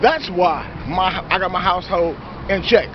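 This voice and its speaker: A New York man with a high-pitched voice, speaking at normal speed, preaches confrontationally to his viewers, peppering his talk with "you know" and "see." He's a self-styled preacher, and the recording is dull and lo-fi with a noisy background.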